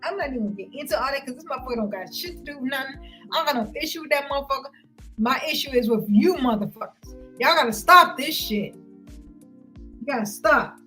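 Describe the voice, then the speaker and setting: High, bright, heated woman ranting. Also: expressive, fairly quick, soft background music, low-quality recording. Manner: loud, heated and confrontational, with frequent cursing. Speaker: vlogger ranting to viewers. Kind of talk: profane livestream rant.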